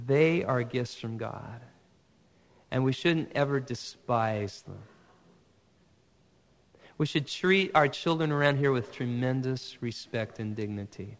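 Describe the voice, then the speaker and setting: A man's voice: medium pitch, a bit bright, long reverb tail. A man preaching a sermon as pastor, earnest and building to emphatic exhortation. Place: church sanctuary.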